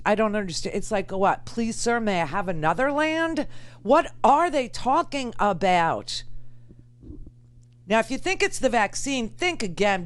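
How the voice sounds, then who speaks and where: A woman hosting political talk radio, sarcastic and combative, laughing at her opponents. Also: medium pitch. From United States. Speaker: radio talk show host.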